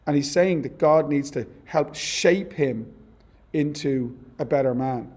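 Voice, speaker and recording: A male teacher with a mellow, warm voice talks through a poem in a relaxed classroom manner. He explains terms conversationally, correcting himself as he goes, and slows right down to read verse lines aloud with care. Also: a little high. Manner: reads poem lines slowly and deliberately. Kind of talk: literature lesson.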